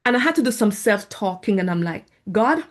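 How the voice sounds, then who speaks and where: A woman, sharing a faith story in casual, animated speech and acting out her own prayers. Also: mid-range voice, fairly quick. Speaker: faith vlogger sharing a testimony. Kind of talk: casual spoken testimony.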